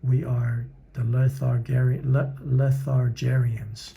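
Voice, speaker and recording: A man voicing a small, lethargic creature in a storybook reading, speaking slowly and languidly. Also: mid-range voice, flat delivery, gravelly, mellow, a little hiss or hum.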